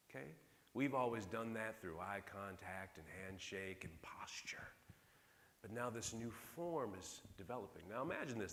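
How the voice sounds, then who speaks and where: A middle-aged man giving a conference keynote to an audience in a large hall, telling stories with humor. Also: mid-range voice. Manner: animated, humorous storyteller. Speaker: keynote speaker. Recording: long reverb of a large hall.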